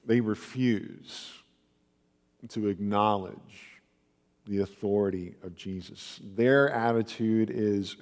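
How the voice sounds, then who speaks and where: A man preaching a conversational sermon and retelling stories with animated quoted voices. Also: slow pace. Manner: animated storytelling, raises pitch for quoted voices. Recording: long reverb of a hall.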